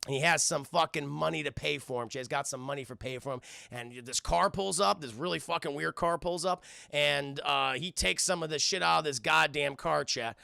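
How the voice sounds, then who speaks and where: Gravelly, bright-voiced male streamer. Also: on the high side, normal speed, hardly any pauses, dry recording, clean studio sound. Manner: profane, rambling, addresses chat constantly. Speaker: streamer and cartoon reviewer. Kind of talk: casual episode recap to live chat.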